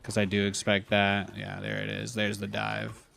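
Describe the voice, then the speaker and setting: A man's voice: fairly low pitch, monotone, normal speed, vocal fry, fairly bright tone. A man in his thirties streaming a strategy game, chatting casually and repeating himself, now and then getting heated. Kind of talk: casual live game commentary.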